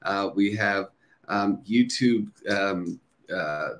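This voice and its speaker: A man's voice: fairly low pitch, drawn-out words. A middle-aged man hosting a casual livestream, chatting upbeat with viewers, greeting them and reading their comments aloud with plenty of fillers. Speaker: livestream host.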